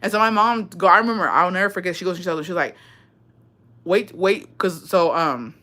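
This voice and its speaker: With a fairly low pitch and a fairly quick delivery, a young streamer animatedly tells her audience a story, cursing freely and slipping into Spanish phrases now and then.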